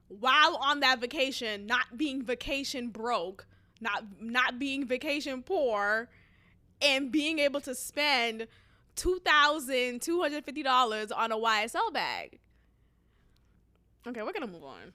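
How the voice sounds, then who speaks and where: A young podcast host goes solo, speaking unhurriedly in a casual, unscripted style. Bright and high-pitched, she talks bluntly, curses without hesitation, and laughs as she lets off steam about what annoys her.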